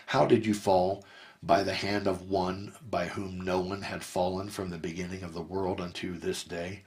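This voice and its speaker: Man reading as grieving old father, low voice, earnest, measured.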